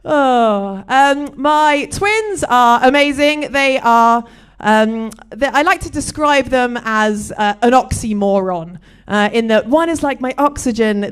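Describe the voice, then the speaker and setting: British woman comic in middle age, slightly high voice, deadpan stand-up with bawdy jokes. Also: unhurried, smooth. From Britain. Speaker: stand-up comedian. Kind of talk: stand-up comedy set.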